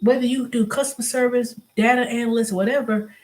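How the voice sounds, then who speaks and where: Speaking fairly quickly with a fairly high pitch, a middle-aged woman vents animatedly on her casual vlog. She imitates the people she quotes and often backtracks to restart or repeat herself.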